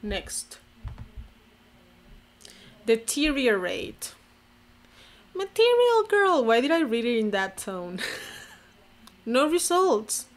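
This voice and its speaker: A young woman from Mexico with vocal fry, reacting to her old posts in a casual, sarcastic, self-mocking way and saying "like" constantly. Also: on the high side, sing-song, very slow, pauses often. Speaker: vlogger. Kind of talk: casual commentary to camera.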